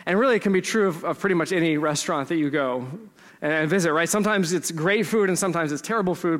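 A pastor from Texas telling stories in a relaxed, joking sermon. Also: male voice, sits high, big-room sound. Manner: conversational storytelling with humor.

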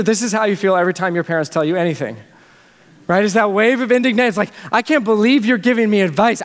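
High-voiced pastor preaching in a reverberant hall. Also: male voice. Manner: earnest, conversational preaching with frequent restarts. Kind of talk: sermon. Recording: long reverb of a large hall.

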